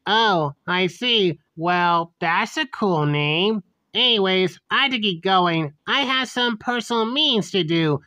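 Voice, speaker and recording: A woman voicing a friendly, polite blonde teenage schoolgirl who speaks slowly. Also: mid-range voice, expressive, pushed and bright, no echo.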